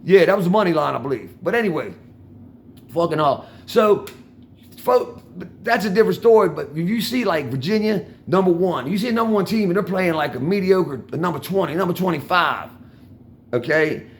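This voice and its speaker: Out on a street corner, this older DC vlogger tells viewers a rambling tale about betting in a high-sitting, animated voice at a fairly quick clip. His talk is profane street speech, peppered constantly with "man" and "y'all."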